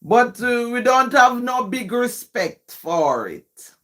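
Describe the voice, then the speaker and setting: Jamaican lady poet on a live stream, talks real slow, keeps asking "yes?" to check folks follow. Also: a little high, very animated, fairly bright tone. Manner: explains patiently, often checks in with "yes?". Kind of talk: live stream, reading poetry and chatting with viewers.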